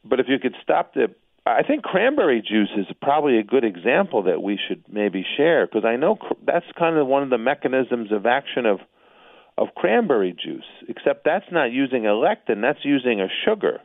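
A man's voice: medium pitch, very animated, normal speed, creaky, no room sound. A man hosting an interview, a doctor who asks loose, musing questions. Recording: dry, phone-like line.

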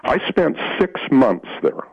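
His voice is medium-pitched, sing-song, slightly rough, and slow. Heard on a muffled, dry radio recording, the man is an interview guest spinning a lengthy story, often repeating himself and starting sentences over.

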